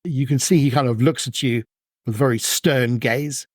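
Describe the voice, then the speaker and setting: A man runs a tabletop game in a chatty, easygoing way, often breaking into laughter. His voice is mid-pitched and recorded close and dry. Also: moderate pace, darkish tone, no room sound. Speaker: game master.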